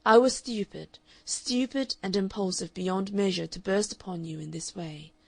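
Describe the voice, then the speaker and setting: A woman's voice: mid-range voice, normal speed, gravelly, no echo. A woman reading the part of a lovesick man who pleads urgently in an audiobook. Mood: pleading.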